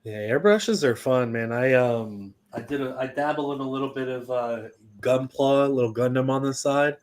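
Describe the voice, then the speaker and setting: A man's voice: medium pitch, moderate pace. A man co-hosting a podcast, talking in a laid-back way with fillers. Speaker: podcast co-host. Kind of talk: casual chat.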